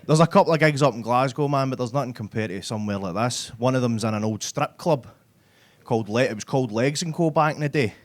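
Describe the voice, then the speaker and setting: A Glaswegian man does a live stand-up set on a comedy club stage. He talks into a stage microphone in a brash, sweary and chatty way, often tagging his lines with "right?". His pitch sits at a middle level for a man. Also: fast talker.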